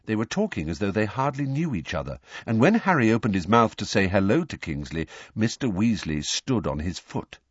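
A man reads a storybook aloud in a low, husky voice. His delivery is expressive and his pitch moves a lot. The recording sounds dull and very dry. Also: fairly quick, few pauses, no room sound. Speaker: audiobook narrator. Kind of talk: audiobook narration.

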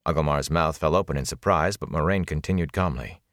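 A man narrating a fantasy audiobook in a steady, even way. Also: a bass voice, fairly quick, no room sound, clean studio sound.

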